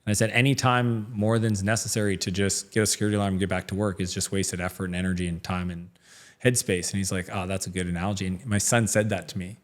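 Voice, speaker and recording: A man's voice: low voice, flat delivery, fast. A middle-aged man speaking as a guest in a casual interview, telling stories in a chatty way with lots of fillers and acted-out dialogue. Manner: chatty storytelling, many fillers, acts out quoted dialogue.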